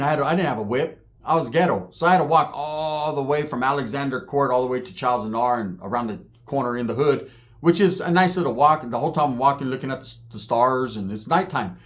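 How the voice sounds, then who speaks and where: A man's voice: medium pitch, expressive, fast talker. A man telling street stories in a casual, profane, slang-heavy way, acting out the voices of the people in them. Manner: acts out voices, laughs while telling. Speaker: storyteller on his own channel.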